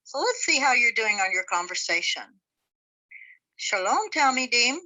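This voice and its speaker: A woman's voice: mid-range voice, animated, fairly quick, pushed and bright, poor audio. A woman teaching a beginners' language class, patiently sounding out words syllable by syllable. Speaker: Hebrew teacher. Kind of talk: slow spoken language lesson.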